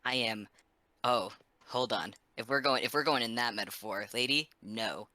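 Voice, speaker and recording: A man's voice: mid-range voice, moderate pace, pushed and bright, dry recording. A man voicing his character in a tabletop role-play, rambling and earnest with frequent restarts. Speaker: player.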